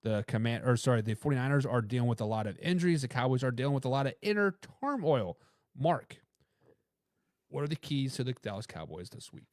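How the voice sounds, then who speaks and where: A show host with a Boston accent runs a casual sports talk show, joking and stumbling over words as he sets up each game. His mid-range voice is very animated and a little fast, recorded dry with clean studio sound.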